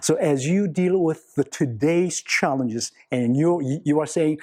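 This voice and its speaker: A man's voice: fairly high pitch, a little slow, hardly any pauses, warm tone. A man preaching a sermon, earnest, repeating key words for emphasis and putting questions to the congregation. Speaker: pastor.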